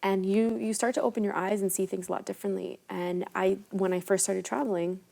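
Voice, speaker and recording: A woman's voice: mid-range voice, little pitch movement, fairly quick, creaky, dark tone. A woman in her twenties, a travel influencer and guest, talking earnestly and with emphasis in a casual interview. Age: 20s.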